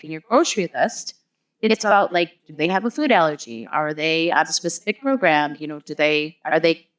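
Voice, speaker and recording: A woman, a guest on an interview show, explaining her ideas through long everyday analogies with frequent "like" and "you know". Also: fairly low pitch. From US Midwest. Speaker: guest, marketing business founder. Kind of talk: casual interview chat.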